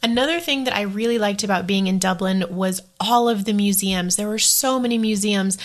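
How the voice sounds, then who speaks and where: A woman's voice: mid-range voice, a little fast. A young woman talking through travel tips in a casual vlog, chatty and laughing often, with self-deprecating asides. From United States. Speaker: travel vlogger.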